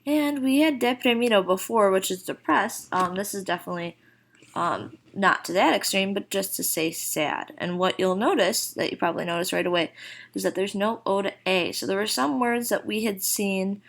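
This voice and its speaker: A woman teaching a recorded Spanish vocabulary lesson, casually explaining and then slowly modeling each phrase. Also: mid-range voice, vocal fry. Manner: slow, deliberate model phrases with casual fillers.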